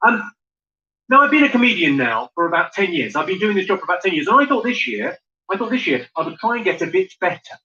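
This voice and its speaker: A man's voice: sits high, sing-song, quick pace, bright, forceful tone. A man doing a stand-up routine, dry and crude, teasing the crowd from a comedy club stage. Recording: muffled live recording with noise.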